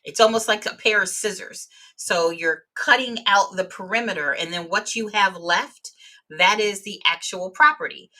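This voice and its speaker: Bright-voiced woman teaching a webinar. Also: medium pitch, moderate pace. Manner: explanatory, uses everyday examples. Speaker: real estate exam instructor.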